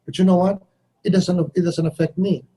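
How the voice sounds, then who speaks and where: Blunt husky man with a wry tone. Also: high-pitched, little pitch movement, normal speed, warm tone, poor audio. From Philippines. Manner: blunt, wry, acts out others' lines with shifts in voice. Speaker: foreign minister, guest. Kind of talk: candid interview answers.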